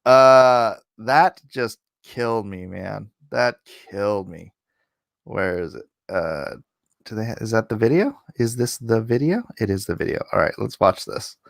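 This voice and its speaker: A slightly hoarse man hosts a casual livestream from a home setup, chuckling as he reads viewers' comments aloud. He talks at an unhurried pace, and his pitch moves up and down in a lively way. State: hoarse after coughing. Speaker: livestream host.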